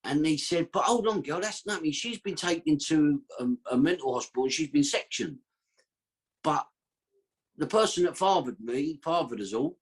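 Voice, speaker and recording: This man has a slightly rough voice on the high side. He spins a long, casual story as a guest on a podcast, rambling along in slang with a streetwise manner.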